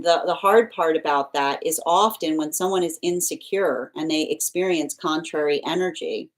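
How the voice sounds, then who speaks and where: A woman giving a live tarot reading, rambling and circling back with repeated phrases and restarts. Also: low voice. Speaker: tarot reader.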